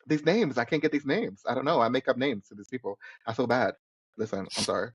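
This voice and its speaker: A man's voice: medium pitch, fast talker, slightly rough, dry recording. Chatty man on a dull, dry mic. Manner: chatty, rambling, trips over names. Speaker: podcast co-host. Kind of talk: casual chat recapping a reality show.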